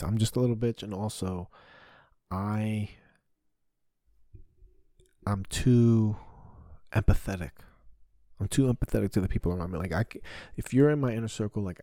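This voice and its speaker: Brief: male podcast comic, deep husky voice, profane rambling monologue. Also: warm tone, dry recording, clean studio sound. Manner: profane, rambling, self-deprecating. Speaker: comedian podcast host. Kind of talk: solo comedic confessional talk.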